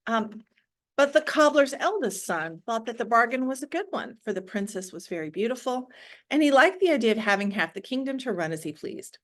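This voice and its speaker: A woman teacher reading a story aloud to her class, expressive, with casual asides. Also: on the high side, brisk.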